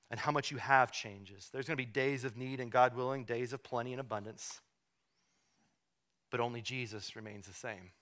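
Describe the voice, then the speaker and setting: A male pastor preaching a sermon, moving from hushed, slow emphasis to loud, high-pitched fervor, often repeating words as he restarts.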